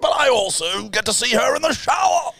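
A man voicing a posh English man ghost who exclaims in a high, squeaky put-on voice. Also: very animated, fairly quick, gravelly, sharp tone, slightly rough, dry recording, shouting, exaggerated voice. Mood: pleading.

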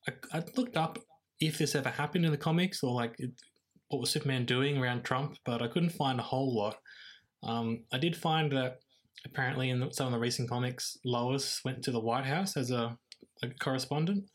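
A man's voice: medium pitch, a little fast. A hesitant male podcast co-host. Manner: hesitant, with many fillers. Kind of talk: casual chat.

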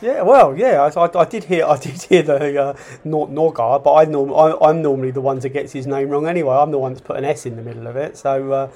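Hesitant English co-host, slightly high voice. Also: male voice, fast talker, few pauses, darkish tone. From England. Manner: hesitant, stammering restarts. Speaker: podcast co-host. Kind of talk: casual fan podcast chat.

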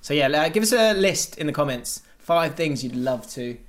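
A man from England co-hosting a casual podcast, chatting loosely and trailing off into soft mumbles. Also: on the high side, expressive, moderate pace. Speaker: podcast co-host. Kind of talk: casual chat.

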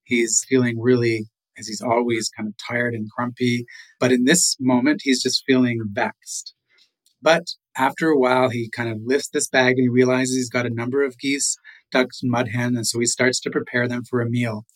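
A man's voice: mid-range voice, level tone, rough recording. Middle-aged man telling a legend. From Canada. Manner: unhurried, with chuckles and "you know" asides. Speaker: guest storyteller. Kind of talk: oral storytelling.

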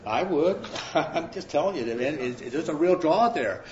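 A man's voice: on the high side, lively intonation, moderate pace, a little mellow, slight background noise. A man preaching a sermon, retelling a scripture story in a loose, conversational way with slang asides. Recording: roomy, dull sound.

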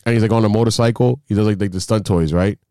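A man co-hosting a casual sports podcast, telling stories in an excitable, rambling way with lots of fillers. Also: fairly low pitch, rapid-fire, dry recording, clean studio sound. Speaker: podcast co-host.

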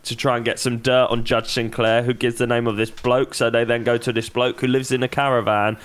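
A man's voice: medium pitch, level tone, brisk, clean tone. A man on a podcast, wryly recapping a TV episode with chuckling asides. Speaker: podcast co-host.

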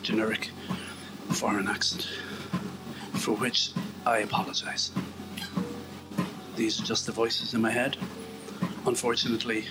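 In a rough recording, a man with a fairly low voice vlogs while watching a walk video, offering casual, rambling remarks with a wry, self-deprecating edge.

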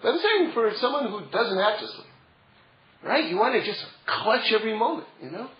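Brief: high-pitched male Torah teacher, chatty then emphatic, roomy, dull lo-fi recording. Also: big pitch swings, normal speed. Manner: conversational, builds to emphatic. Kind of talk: Torah class.

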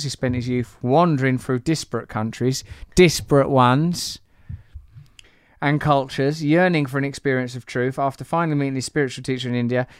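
A man's voice: mid-range voice, clean tone, no echo, studio quality. A man hosting a podcast, teasing and rambling through asides between introductions. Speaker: podcast host. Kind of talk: playful podcast intro and banter.

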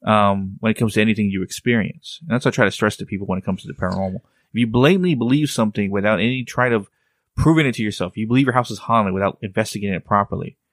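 Male podcast co-host, lower register, rambling casual delivery, dry sound. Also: very fast, no room sound. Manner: rambling, restarts, teasing. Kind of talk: casual chat.

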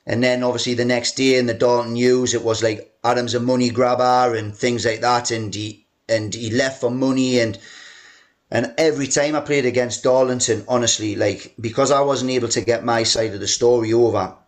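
A man's voice: mid-range voice, fairly even intonation, moderate pace. A man, a former footballer telling stories as a podcast guest, chatty and full of "you know" and "like". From England. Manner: mimics a shouting chairman in quoted lines. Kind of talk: casual storytelling interview.

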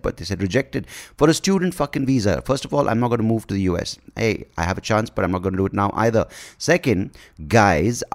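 A man in his forties hosts a comedy podcast in a profane, rambling rant. His low, gravelly voice swings widely in pitch as he mocks himself and others. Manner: profane, rambling, self-mocking.

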